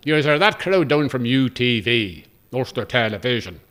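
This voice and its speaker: A man's voice: medium pitch, expressive, normal speed, a bit bright, natural voice. An older man with a Northern Irish voice, putting on a Cavan accent to play a big, friendly, middle-aged taxi driver who stammers eagerly as he chats.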